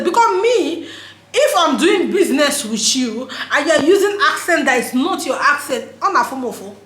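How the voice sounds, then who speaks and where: A woman with a Nigerian accent, talking straight to camera in an emphatic, laughing vlog voice that drops into pidgin phrases. Her voice sits high, and the recording carries a roomy echo. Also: sing-song, moderate pace, fairly bright tone. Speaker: vlogger. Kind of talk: casual opinion monologue.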